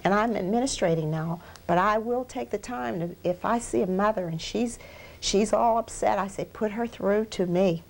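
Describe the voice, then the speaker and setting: A woman's voice: mid-range voice, moderate pace, vocal fry, rough recording. A woman minister giving a heartfelt, emotional testimony in an interview, earnestly repeating phrases for emphasis. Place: research center.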